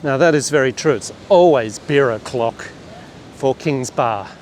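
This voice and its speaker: A man's voice: medium pitch, unhurried, a little mellow, slight background noise. A man giving casual, wry walking commentary to a handheld camera outdoors on a beachfront street. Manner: wry, chatty asides to the camera. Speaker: vlogger on a walking tour.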